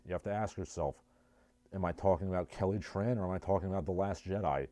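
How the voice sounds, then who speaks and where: A man hosting a casual livestream reads chat messages aloud and riffs with sardonic, rambling commentary, speaking with a New Jersey accent. His voice is low and mellow, and his pace is fairly quick. There's no room sound.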